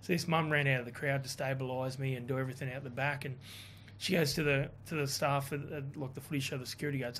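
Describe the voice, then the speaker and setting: A man telling a story in a casual chat, animated and swearing, quoting others in his own voice. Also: mid-range voice, fast, a little hiss or hum. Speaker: guest.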